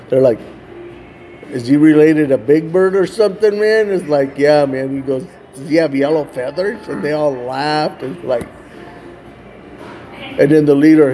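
A man with a mellow, warm voice gives his testimony as a street evangelist. He talks casually, with lots of "like" and "man," and acts out the people in his story. Faint music plays underneath. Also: medium pitch.

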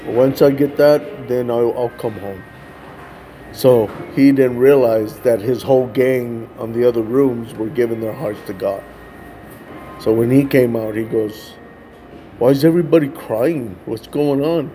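Mellow-voiced man telling a testimony. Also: mid-range voice, a little slow, soft background music. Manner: casual, repeats "man" and "like", acts out quoted voices. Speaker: street evangelist. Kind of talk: testimony storytelling.

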